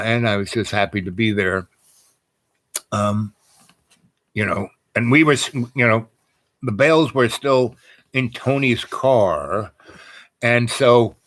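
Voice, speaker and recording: A man's voice: lowish voice, fairly bright tone, no room sound. A man telling a casual personal story in a rambling, digressive way, full of fillers and restarts.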